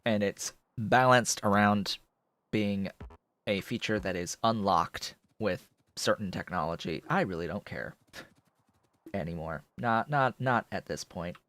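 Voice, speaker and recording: Slow, low-voiced man muttering over gameplay. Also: fairly bright tone, no room sound. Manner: muttering, thinking aloud while building. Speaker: streamer. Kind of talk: casual gameplay commentary.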